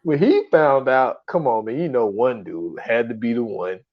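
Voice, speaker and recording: A man co-hosting a podcast, retelling a show in animated casual chat, acting out quotes and swearing freely. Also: medium pitch, normal speed, muffled recording. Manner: animated storytelling, acts out quotes, profane. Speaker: podcast co-host. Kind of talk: casual chat reviewing shows.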